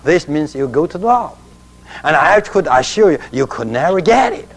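A man's voice: on the high side, big pitch swings, normal speed, low-quality recording. A man preaching a sermon emphatically, calling out to his congregation to answer him. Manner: emphatic, leads call-and-response.

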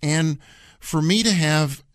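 A man's voice: on the high side, slow pace, dry recording. A man co-hosting a radio Bible study, talking earnestly and repeating phrases to drive his points home. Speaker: radio program co-host and Bible teacher.

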